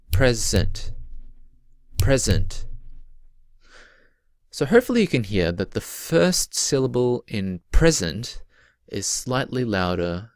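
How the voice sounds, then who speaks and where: A man teaching a recorded poetry lesson, explaining patiently and stretching out example words slowly. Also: lowish voice, no echo, clean studio sound.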